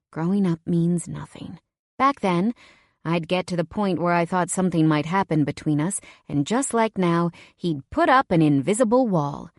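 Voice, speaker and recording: Low-voiced woman narrating a romance. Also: dry recording, clean studio sound. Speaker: audiobook narrator. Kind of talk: first-person romance narration.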